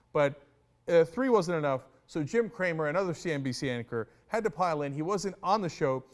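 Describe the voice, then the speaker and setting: A man giving animated, sarcastic political commentary and mocking the people he discusses. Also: fairly high pitch. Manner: mimics others in exaggerated voices.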